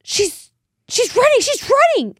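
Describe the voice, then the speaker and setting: A woman's voice: extremely high pitch, big pitch swings, unhurried, no echo, clean studio sound, pitched above the performer's own voice, full character voice. A woman imitating a frantic, panicky older woman who keeps repeating herself. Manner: breathless repeating, panicked pleading.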